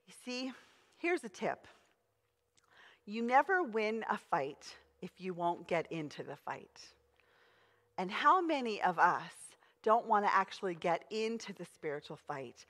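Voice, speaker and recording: A woman's voice: medium pitch, big pitch swings, measured pace, fairly bright tone, long reverb tail. A woman preaching a sermon, emphatic and conversational as she tells the story. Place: church auditorium.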